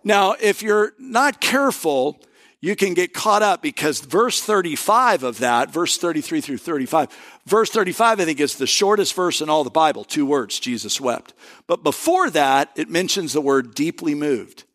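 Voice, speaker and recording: Man preaching with emphatic pauses. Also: on the high side, expressive, fairly bright tone. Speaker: pastor. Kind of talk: sermon.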